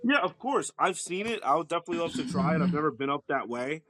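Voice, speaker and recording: A man's voice: fairly high pitch, sing-song, quick pace, bright, forceful tone, dry recording, studio quality. A man chatting casually as a podcast guest, rambling loosely with lots of "like" and swearing.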